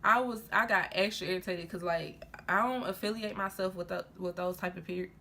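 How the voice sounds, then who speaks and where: Young woman with a creaky storytime voice. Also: lowish voice, a little fast, a little hiss or hum. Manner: animated, heated retelling full of fillers and laughs. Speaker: vlogger. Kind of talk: casual storytime while getting ready.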